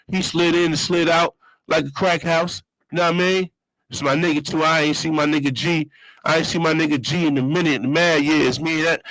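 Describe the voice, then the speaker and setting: Man, casual monologue, street slang, repeats himself, somewhat high voice. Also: fairly bright tone, no echo, poor audio. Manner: streetwise slang, repeats phrases, loose storytelling. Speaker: show host.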